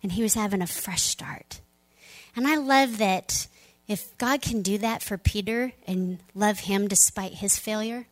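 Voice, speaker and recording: A woman pastor preaching a sermon, telling the story with animated delivery and dropping into soft, near-whispered moments. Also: medium pitch, unhurried, no room sound.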